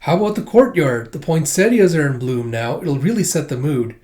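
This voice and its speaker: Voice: mid-range voice, expressive, moderate pace, darkish tone, close to an everyday voice. The reader voicing a giddy, romantic little schoolgirl who gushes and squeals. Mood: coaching. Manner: gushing, squealing.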